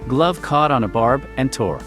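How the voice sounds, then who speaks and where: Man narrating quietly with lively pitch. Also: moderate pace, soft background music. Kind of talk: scripted story narration.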